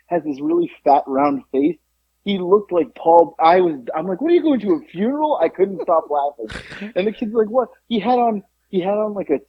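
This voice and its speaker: A middle-aged man, a podcast co-host, tells a funny story in loose casual chat, with a lively swooping voice and a slightly husky, breathy tone. He swears freely and laughs as he goes. The sound is dry and dull, like a lo-fi recording. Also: on the high side.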